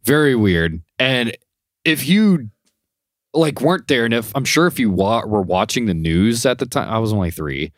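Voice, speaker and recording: Animated, profane young man on a podcast. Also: medium pitch, normal speed, no echo, studio quality. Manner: profane, animated retelling with rising shouty impressions. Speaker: podcast co-host. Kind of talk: casual chat.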